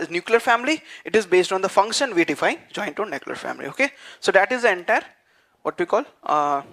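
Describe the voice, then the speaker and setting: A man teaching a class, dictating notes and repeating phrases slowly so students can write them down. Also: high-pitched, fairly bright tone. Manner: frequent fillers like "what you call" and "okay". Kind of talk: dictated lecture.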